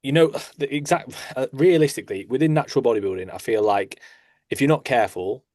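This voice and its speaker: A man's voice: medium pitch, quick pace, a little mellow, no echo, studio quality. A man co-hosting a podcast as a physique coach, chatting casually and rambling, with frequent "like" fillers and casual swearing. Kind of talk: casual chat.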